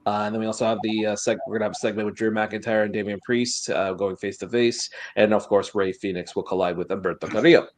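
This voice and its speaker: A man's voice: lowish voice, fairly even intonation, quick pace, few pauses, no room sound. A man co-hosting a podcast, recapping a show in casual chat with many fillers and restarts. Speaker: podcast co-host.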